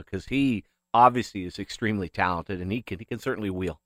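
A man's voice: fairly low pitch, quick pace, dry recording, clean studio sound. A man co-hosting sports talk radio, joking around animatedly and tacking "eh" onto his lines. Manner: jokey, animated, says "eh".

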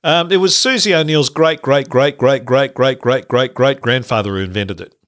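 A man's voice: medium pitch, normal speed, fairly bright tone, no room sound, studio quality. Jokey male radio host. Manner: jokey, laughs often, announces chart. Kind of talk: casual radio chat.

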